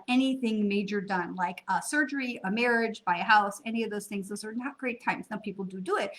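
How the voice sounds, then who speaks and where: Middle-aged woman, psychic medium, casual chatty talk, mid-pitched voice, lots of fillers. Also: fairly bright tone. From United States. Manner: chatty, with many fillers and quoted asides. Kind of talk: casual spiritual talk to viewers.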